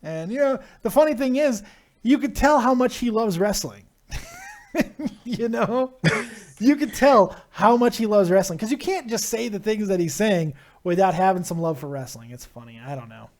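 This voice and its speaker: A man's voice: high voice, lively intonation, moderate pace, a little mellow. A man hosting a live call-in show, loose and joking, swearing freely as he chats with callers. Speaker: host.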